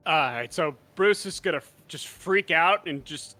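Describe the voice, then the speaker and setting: A man playing a tabletop game, explaining his character's moves in a halting way with many fillers. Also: on the high side, animated, pushed and bright, soft background music. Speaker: player.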